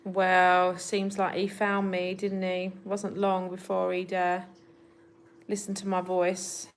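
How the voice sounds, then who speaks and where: A woman's voice: fairly low pitch, completely flat delivery, slow pace. A woman hosting a casual livestream from home, chatting with viewers and talking to her cats. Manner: chatty, talks to her cats in a soft baby voice. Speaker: livestream host.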